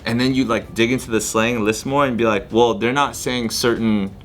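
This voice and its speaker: A man co-hosting a casual podcast, explaining his view deliberately. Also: mid-range voice, fairly even intonation, slight background noise. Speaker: podcast co-host. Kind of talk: casual chat.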